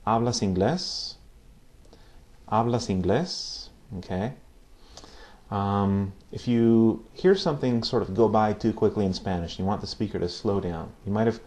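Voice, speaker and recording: A man's voice: on the low side, dark tone. A man teaching a casual video lesson on Spanish phrases, patiently repeating each phrase and checking in with "okay?".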